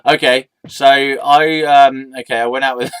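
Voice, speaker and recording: A man telling a personal story, hesitant and halting. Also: medium pitch, fairly even intonation, fairly bright tone, smooth, no room sound. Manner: halting and hesitant, many fillers. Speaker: vlogger.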